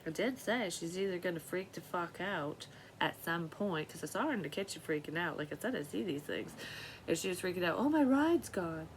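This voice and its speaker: A woman's voice: on the low side, a little fast, a little hiss or hum, poor audio. A woman vlogging in a rambling, profane monologue, talking to herself and now and then dropping into a whisper. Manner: profane, scattered, talks to herself, drops into whispers. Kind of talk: rambling psychic vlog monologue.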